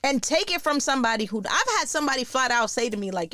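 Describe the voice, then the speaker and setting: A woman, hosting a podcast in a blunt, profane, animated casual monologue. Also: high-pitched, quick pace, dry recording, clean studio sound. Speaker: podcast host.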